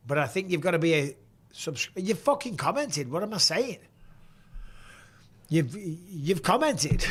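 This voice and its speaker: A middle-aged man with a northern English accent, hosting a live watchalong and chatting casually with viewers, blunt and quick to swear. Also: on the high side, fairly bright tone. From England. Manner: casual and blunt, swears freely, reads viewer questions aloud. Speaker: host.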